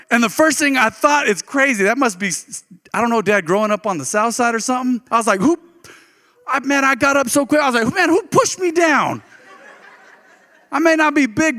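A man delivers a sermon laced with homespun storytelling, his voice high and bright. He gets animated and jumps upward when excited, and the room carries a long hall reverb behind him. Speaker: pastor.

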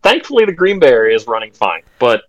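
Casting: man, mid-pitched, relaxed co-host who feeds questions and laughs. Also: fast, dry recording, highs cut off. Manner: laid-back, prompting questions, laughing. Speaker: podcast co-host. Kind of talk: casual chat.

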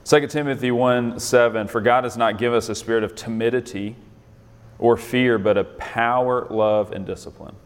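A man's voice: mid-range voice, fairly even intonation, normal speed, long reverb tail. A man leading an interactive Bible lesson in a conversational way, often quizzing his listeners with questions. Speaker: Bible study leader.

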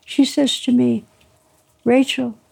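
Husky warm-voiced woman telling stories. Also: fairly high pitch, unhurried. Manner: lively raconteur, mimics dialogue, laughs often. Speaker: author being interviewed. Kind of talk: anecdotal storytelling.

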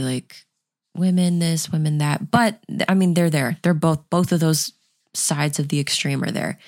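A young woman with a slightly low voice, co-hosting a chat podcast. She talks bluntly and rambles from point to point, swearing freely. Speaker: podcast co-host. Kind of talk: casual chat.

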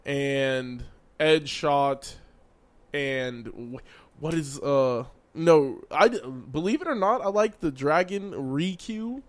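A man in a casual chat, excitable and full of restarts and "like". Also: fairly high pitch, takes it slowly.

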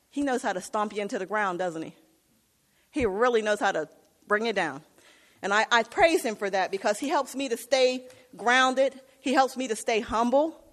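A woman's voice: fairly high pitch, fairly bright tone. Impassioned woman preaching in a hall. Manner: impassioned, calls for "Amen?". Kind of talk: sermon. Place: church. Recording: long reverb of a hall.

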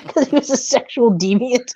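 A woman co-hosting a casual chat, animated and laughing, who swears freely. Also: a little high, measured pace, highs cut off. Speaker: co-host.

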